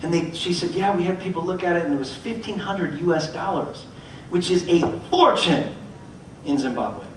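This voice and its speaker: Motivational speaker, man, middle-aged, lively storyteller doing voices; roomy hall sound, faint hum behind. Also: high voice, normal speed. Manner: animated, acts out voices in his stories. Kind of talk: storytelling talk. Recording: echoey hall, mic from far off.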